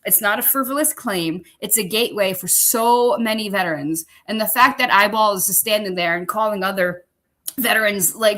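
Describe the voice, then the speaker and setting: Bright, profane, animated woman. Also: mid-range voice, normal speed. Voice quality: bright, expressive, swears freely. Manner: acts out both sides of conversations, laughs often. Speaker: veterans director, guest. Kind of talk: profane animated storytelling and ranting.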